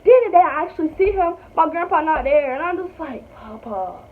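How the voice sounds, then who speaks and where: A woman's voice: sits high, animated, brisk. A young woman, telling a story in a chatty, blunt way with lots of swearing. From North Carolina. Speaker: vlogger. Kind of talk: casual storytime. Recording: tinny phone-like audio with faint hiss.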